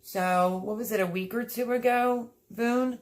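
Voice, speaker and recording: A woman's voice: on the high side, a little slow. A woman hosting a livestream, chatting casually and reading out viewer comments, effusive and a little teary. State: sniffling, teary. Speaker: livestream host.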